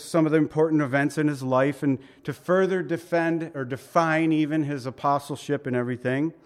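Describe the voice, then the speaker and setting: This pastor, a man with a fairly high pitch, gives a chatty Bible-teaching sermon. Prayer comes first, followed by his explanation of scripture, full of emphasis and asides.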